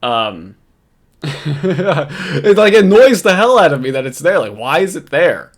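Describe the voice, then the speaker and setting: A man's voice: on the high side, big pitch swings, slow pace. A man with a New York accent, talking through a casual reaction commentary. He rambles between points, swears freely and keeps breaking into laughter as he mocks what he is watching.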